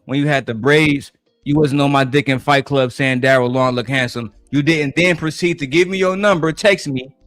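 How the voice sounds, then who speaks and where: Man, streamer, profane, boastful, animated, mid pitch, dry close sound. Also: normal speed, no echo, soft background music. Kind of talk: livestream rant.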